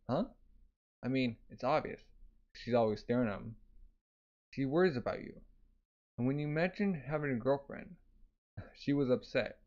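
A man's voice: medium pitch, a little mellow, dull audio. A man casually reading a manga aloud, narrating with lots of fillers and sound effects. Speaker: manga reader. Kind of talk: casual manga read-along with voices.

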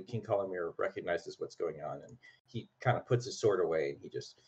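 A man narrating a tabletop game as game master, relaxed and hesitant, with many pauses and filler words. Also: low voice, husky, highs cut off.

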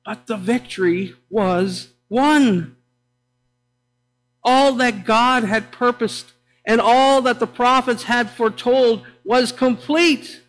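In a church sanctuary, a male pastor preaches a sermon with dramatic pauses and emphatic declarations, swinging between loud proclaiming and hushed, low delivery. The audio is poor, with a little hiss or hum.

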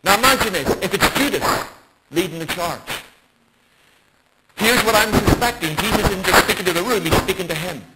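A man's voice: high voice, animated, moderate pace, long pauses. A man preaching a bible study sermon in an emphatic way, with rhetorical questions. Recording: loud background noise.

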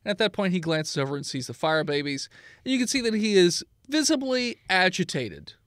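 A man guides his players through a tabletop adventure, his voice a little high and full of movement. He hesitates with ums and uhs as he describes the scene. The sound is close and dry. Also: fairly quick, dry recording. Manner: animated, hesitant with fillers, shouts NPC lines. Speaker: dungeon master. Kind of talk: narrating a tabletop game.

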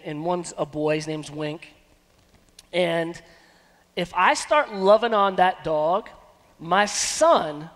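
A man in his thirties preaching a sermon as pastor, animated and given to breaking into snatches of song. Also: high voice. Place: church sanctuary. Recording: long church hall reverb.

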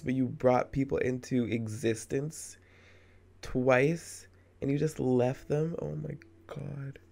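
A man's voice: medium pitch, takes it slowly, creaky, warm tone. A man in his twenties giving let's play commentary, emphatic and indignant, often repeating words for effect. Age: 20s. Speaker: gamer.

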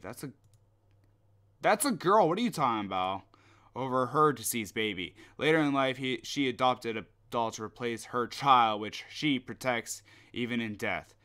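A man's voice: medium pitch, moderate pace, pushed and bright, clear, resonant tone. A young man commenting on a horror game as he plays, muttering to himself, swearing and getting jumpy at scares. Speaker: gameplay commentator.

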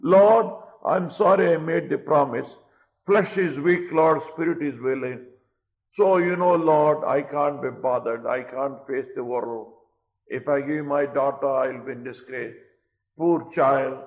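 A man voicing a weak-willed king who pleads and bargains with God to escape his vow, speaking lower and quieter than his preaching voice. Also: measured pace, natural voice. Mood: wheedling, pleading. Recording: dull lo-fi recording.

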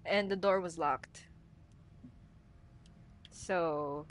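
Jumpy woman streamer, slow talk. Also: mid-range voice, a little hiss or hum. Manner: jumpy, talks to herself, scared outbursts. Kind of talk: horror game let's play commentary.

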